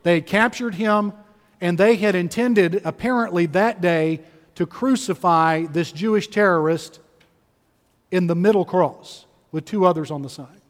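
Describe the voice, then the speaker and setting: A male pastor delivers a sermon with emphatic storytelling, repeating key phrases for weight. His voice sits high for a man. A long reverb trails behind him, as in a large hall. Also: a little slow.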